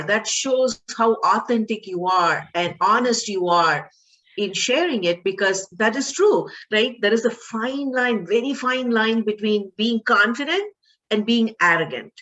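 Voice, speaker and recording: A woman's voice: fairly high pitch, animated, a little slow, dull audio. A woman hosting a podcast interview, asking questions and affirming her guest in an encouraging way. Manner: warm, affirming, gently encouraging. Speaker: podcast host. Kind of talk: interview conversation.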